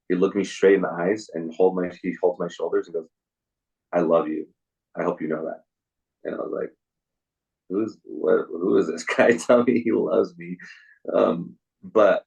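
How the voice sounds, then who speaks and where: Deep husky young man, soft-spoken guest. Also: lo-fi sound. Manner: soft, halting, many restarts. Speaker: podcast guest. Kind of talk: casual interview storytelling.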